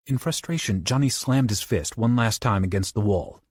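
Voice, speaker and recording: A man's voice: lowish voice, normal speed, breathy edge, no echo, studio quality. A man narrating a horror audiobook in a dramatic style. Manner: dramatic, with lively shifts into character voices.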